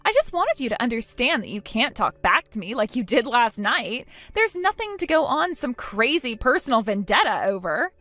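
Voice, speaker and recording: A woman's voice: fairly high pitch, big pitch swings, normal speed, few pauses, sharp tone, no echo. A woman voicing a spiteful, mocking young woman in a text-message story, taunting and sarcastic.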